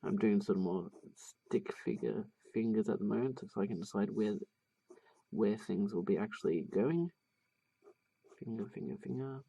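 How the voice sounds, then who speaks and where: Male tutorial host, husky and mellow, talks casually and hesitantly while he draws. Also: on the low side. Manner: thinking aloud, hesitant with many fillers. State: has the hiccups. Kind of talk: casual drawing tutorial voice-over.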